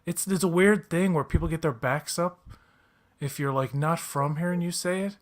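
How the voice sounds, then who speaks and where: A man's voice: a little high, normal speed. Profane man telling stories. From Newfoundland, Canada. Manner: animated, profane storytelling with mimicked quotes. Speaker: podcast co-host. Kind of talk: casual chat.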